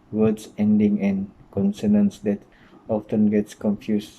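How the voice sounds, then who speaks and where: Slow, dark-voiced man giving language tips. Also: fairly low pitch, low-quality recording. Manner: hesitant, many uh fillers and grammar slips. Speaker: English pronunciation teacher. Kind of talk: instructional talk.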